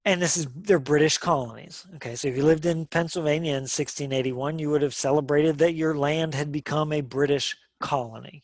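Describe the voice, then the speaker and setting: A man with a slightly raised pitch and a gravelly edge teaches a social studies class. He talks conversationally, stops to ask the class questions and often restarts his sentences. The sound is dry and close. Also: steady tone, brisk, few pauses, no room sound.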